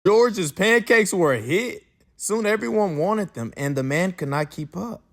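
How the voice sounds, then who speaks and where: A man reading a children's picture book aloud with expressive delivery and playful slang asides. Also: on the high side, a little slow. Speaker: read-aloud narrator.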